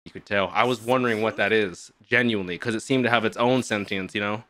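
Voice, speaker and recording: A young man hosting an anime reaction, talking in casual slang with some swearing, swinging from hushed awe to loud excited outbursts. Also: fairly low pitch, fast talker. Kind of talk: live reaction commentary.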